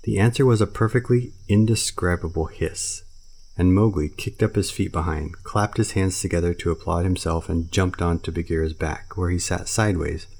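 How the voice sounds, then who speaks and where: A man narrating a storybook in a steady, even reading voice. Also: deep voice.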